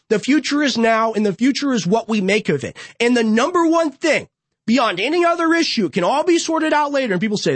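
A man's voice: very high voice, a bit bright, no room sound. Fiery young man ranting in a dry studio. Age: young adult. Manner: fiery, ranting, repetitive rhetorical build-ups. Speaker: political podcast host. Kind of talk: impassioned political monologue.

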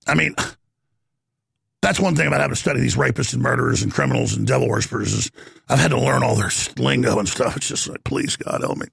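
A talk show host rants through a radio monologue, rambling and jumping heatedly from topic to topic. His strongly gravelly, raspy voice is pitched a bit high and a bit bright, he talks fast, and the sound is close and dry with no room echo.

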